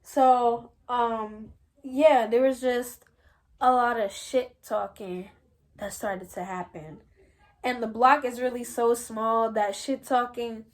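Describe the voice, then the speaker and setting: A young woman, casually telling a story to her viewers in a slangy, animated way and often calling out to them as y'all. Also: on the high side. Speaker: vlogger.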